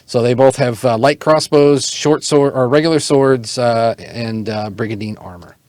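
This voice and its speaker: A man's voice: medium pitch, dry recording. Man running a tabletop game, dry mic. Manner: relaxed, halting narration with many fillers. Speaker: game master.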